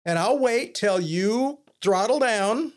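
A man with a notably high speaking voice talks in a relaxed, conversational way. He tells earnest stories and slips into the voices of the people in them. He sounds middle-aged. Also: slow. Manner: earnest storytelling with quoted dialogue. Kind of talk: casual conversation.

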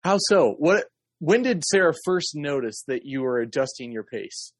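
A man's voice: fairly high pitch, lively intonation, normal speed, no echo, studio quality. A man co-hosting a podcast, asking short questions and giving brief acknowledgments as he listens. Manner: attentive, quiet backchannel listener.

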